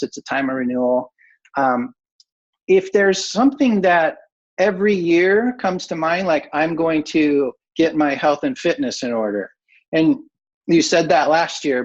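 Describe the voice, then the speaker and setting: A man coaching an online workshop in a casual, upbeat way, with many filler words, over a video call. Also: a little high. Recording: muffled lo-fi video call audio.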